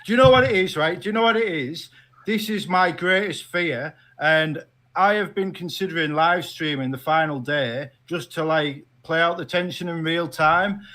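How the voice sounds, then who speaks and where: A man with a notably high voice talks casually on a football watchalong stream. He tells his story with playful drama and animated energy. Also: normal speed. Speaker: guest fantasy football creator.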